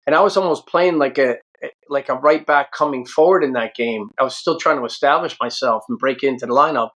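A man in his fifties from the United States, telling stories from his playing days in a casual, animated way. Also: medium pitch, brisk. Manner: animated, acts out quoted voices. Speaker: guest, former pro soccer player. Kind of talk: casual storytelling.

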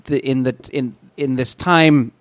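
A man talks in a relaxed, halting way, circling back through fillers and false starts as he chats on a comedy podcast. His mid-pitched voice is recorded dry and close. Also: no echo. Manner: hesitant, halting with many restarts and fillers. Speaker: guest comedian. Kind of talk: casual chat.

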